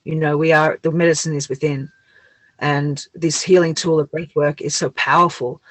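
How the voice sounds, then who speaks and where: A woman's voice: deep voice, fairly even intonation, moderate pace, dry recording, rough recording. A woman hosting a conversation, speaking effusively and emotionally, often repeating herself. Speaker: host. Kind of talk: casual conversation.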